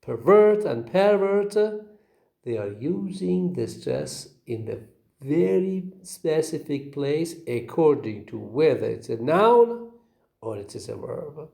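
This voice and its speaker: Male teacher, slow delivery, lively intonation, mellow tone. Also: medium pitch, creaky. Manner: slow, repeats words and asks "okay?". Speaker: English phonetics teacher. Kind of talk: recorded lecture.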